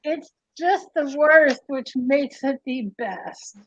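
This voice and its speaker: High chatty woman rambling on a livestream, giggly, dry dull-ish audio. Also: slow pace, a bit bright, no room sound. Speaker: livestream host. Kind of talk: casual livestream chat.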